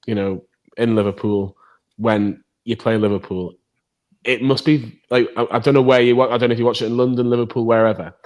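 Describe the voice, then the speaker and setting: A man's voice: mid-range voice, steady tone, a little fast, a little mellow. A man hosting a casual fan podcast, jokey and teasing as he puts questions to guests. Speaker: podcast host. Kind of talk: casual chat.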